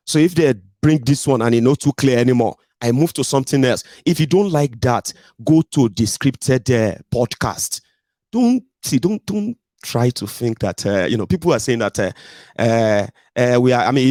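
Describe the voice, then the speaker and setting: A man's voice: on the low side, a little mellow, no room sound. A man with a Nigerian English accent hosting a political podcast in a loose, digressive rant, blunt and full of pidgin tag questions. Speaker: podcast host. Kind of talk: casual ranting monologue.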